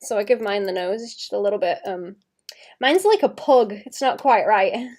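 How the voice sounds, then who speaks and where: A woman's voice: mid-range voice, lively intonation, normal speed, a little mellow. A young woman with a light Welsh accent, chatting casually and rambling as she draws on a live stream, laughing often. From Wales. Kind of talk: casual livestream chat while drawing.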